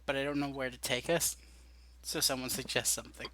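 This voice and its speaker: Bright-voiced young-sounding man hosting. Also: mid-range voice, little pitch movement, fairly quick, a little hiss or hum. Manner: laughs often, easygoing and unsure. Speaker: podcast host. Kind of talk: casual chat.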